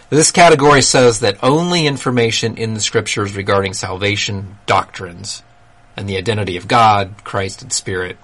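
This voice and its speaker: A man hosting a solo talk, explaining ideas in a measured, critical way with dry asides. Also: lowish voice, fairly bright tone. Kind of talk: solo commentary monologue.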